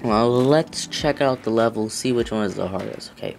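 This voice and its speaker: A man doing let's play commentary, reacting loudly with yelps and groans whenever the game catches him out. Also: mid-range voice, moderate pace, creaky, over music. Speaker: gamer.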